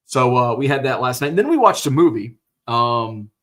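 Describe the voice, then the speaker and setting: A man's voice: medium pitch, sing-song, normal speed, fairly bright tone. A middle-aged American man hosting a live stream, chatting casually and rambling with lots of fillers and restarts, now and then swearing. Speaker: host. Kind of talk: casual livestream chat.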